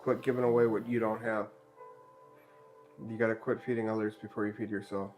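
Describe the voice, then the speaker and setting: A man's voice: fairly low pitch, level tone, fairly quick, a little mellow, soft background music. A man giving a live-streamed tarot reading in a chatty, joking way, relaying what the spirits tell him. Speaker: tarot card reader.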